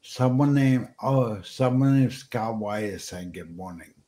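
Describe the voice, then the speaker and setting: A man hosting a casual livestream show, emotional and halting, often restarting his words. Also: on the low side, dark tone. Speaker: show host.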